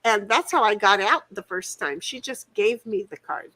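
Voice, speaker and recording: A woman's voice: mid-range voice, animated, moderate pace, bright, forceful tone, low-quality recording. A woman hosting a game stream in casual chat, rambling and playful, laughing and swearing freely. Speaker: streamer host.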